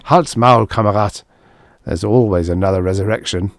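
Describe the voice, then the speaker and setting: A man's voice: fairly low pitch, animated, moderate pace, no echo, clean studio sound. A man voicing a blunt German soldier who bursts out with German exclamations in an audiobook. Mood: gruff. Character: brusque German soldier, gruff and jovial.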